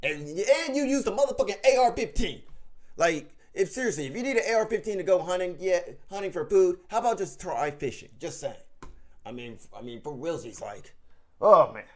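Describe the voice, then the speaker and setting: A man's voice: high-pitched, expressive, a little fast. A man ranting about politics in a vlog, emphatic and mocking, swearing heavily and rambling with restarts. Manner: rambling with frequent restarts and fillers. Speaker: vlog host. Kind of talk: profane political rant.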